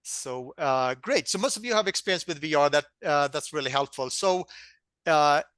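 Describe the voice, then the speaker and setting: A man with a Swedish accent giving a relaxed, conversational webinar presentation over a video call, pausing often. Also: on the high side, clean tone, no room sound. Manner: relaxed, joking, hesitant with many pauses.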